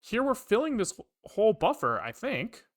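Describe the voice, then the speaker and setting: A live-coding streamer talking through code as they type, reading out variables and loops. The pitch jumps around a lot, with plenty of frustrated swearing when things break. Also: huge pitch swings, moderate pace. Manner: muttering code aloud, frequent frustrated swearing. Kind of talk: live coding, thinking aloud.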